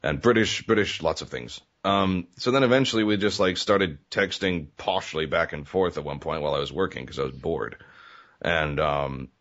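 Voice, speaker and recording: This guest, a web comedy creator with a very deep voice, chats at a moderate pace in a relaxed interview. His talk wanders, peppered with "um" and "you know," and laughter comes easily to him, though the recording sounds lo-fi and muffled.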